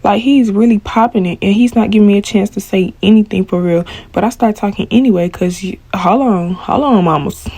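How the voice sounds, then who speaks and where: Young woman chatting a storytime while cooking, mellow voice, dry close sound. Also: mid-range voice, a little fast, few pauses, husky, no echo. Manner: animated storytelling with slang, talks to viewers. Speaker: cooking vlogger.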